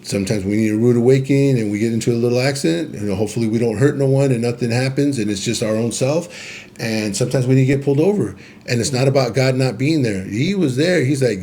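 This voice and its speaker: A man on a podcast gives advice in an emphatic way, often repeating himself to drive a point home. His voice is mellow and dark, at an ordinary pitch for a man. A faint noise hums underneath. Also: quick pace. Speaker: podcast co-host. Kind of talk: casual podcast conversation.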